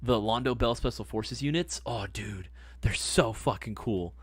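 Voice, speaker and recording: A man hosting a livestream, chatting casually and rambling through stories with lots of swearing and excited gushing. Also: on the low side, unhurried, breathy edge, dry recording. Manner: profane, rambling storyteller; excitable, gushing about hobbies. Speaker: livestream host.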